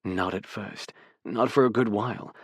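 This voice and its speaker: A man doing a low-voiced footballer, husky and hushed, a gruff man gone tender in an audiobook romance, spoken close in a dry room. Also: measured pace, dry recording. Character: gruff, tender adult male footballer lover. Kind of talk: audiobook character voice.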